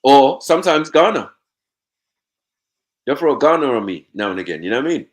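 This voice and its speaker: This panel host, a young Nigerian-background man, speaks in a mid-range, sing-song voice at a moderate pace, leaving long pauses. He chats loosely in a casual way, swearing freely and putting on mimicked voices.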